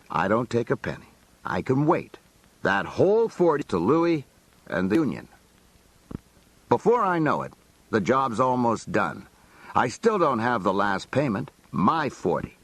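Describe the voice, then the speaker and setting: Male memoir narrator, husky, animated, streetwise. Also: medium pitch, unhurried, dry recording. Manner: colloquial, streetwise storytelling. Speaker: audiobook narrator. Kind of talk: first-person memoir narration.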